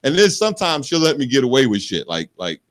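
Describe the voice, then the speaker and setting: A man's voice: mid-range voice, quick pace. A man from Ohio co-hosting a radio talk show, telling stories with swearing and acted-out quotes in a casual chat. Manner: animated storyteller, acts out quotes, swears freely.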